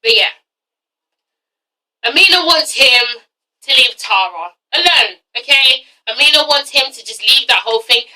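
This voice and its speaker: A woman's voice: high-pitched, lively intonation, moderate pace, bright, forceful tone, distant mic, rough recording. A young woman reviewing a TV show, blunt and profane with exasperated asides. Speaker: TV review vlogger. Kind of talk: casual ranting review.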